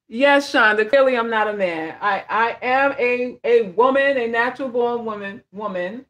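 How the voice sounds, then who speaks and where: This vlogger and life coach speaks in a slightly high, bright voice with lively intonation, at a normal speed and with few pauses. Chatting casually on a livestream, she's blunt and emphatic, repeats phrases for emphasis, and reads out viewer comments to respond to them.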